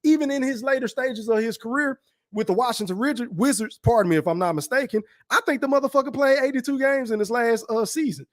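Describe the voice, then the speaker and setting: A young man hosting a live chat stream, talking loosely and with a lot of swearing, reading out comments and shouting out viewers. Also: very high voice, fast talker. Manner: loose, profane, streetwise, reads chat aloud. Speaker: livestream host. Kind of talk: casual live-chat talk.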